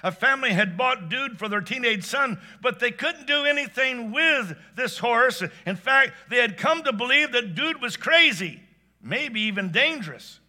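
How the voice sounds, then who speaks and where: A man's voice: extremely high pitch, lively intonation, moderate pace, sharp tone, voice pushed up, full character voice. A man storytelling, voicing a friendly, folksy meter reader who speaks plainly.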